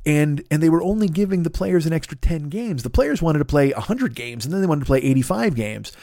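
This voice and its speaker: A middle-aged man hosting a podcast, ranting angrily with constant swearing and acting out both sides of an argument in quick voices. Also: a little high, animated, gravelly, dark tone, no echo, studio quality. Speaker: podcast host. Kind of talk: profane ranting monologue.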